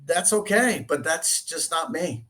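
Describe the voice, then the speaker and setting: Boston man speaking haltingly in an interview. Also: fairly high pitch, lively intonation, bright, forceful tone. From Dorchester, Massachusetts. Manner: halting, with many restarts and fillers. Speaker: real estate agent and guest. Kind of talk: casual interview.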